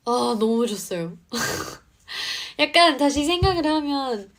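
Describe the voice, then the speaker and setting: A woman's voice: high-pitched, expressive, rapid-fire, a bit bright. A young woman whose first language is English, chatting casually on a phone live stream and answering viewer comments as she reads them aloud.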